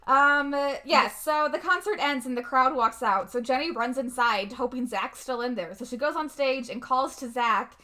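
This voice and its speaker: A woman co-hosting a podcast, casually walking through a movie plot. Her voice sits high and bright, and she keeps things loose, full of "um"s and quick laughs. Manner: chatty, many "um"s, laughs often. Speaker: podcast co-host.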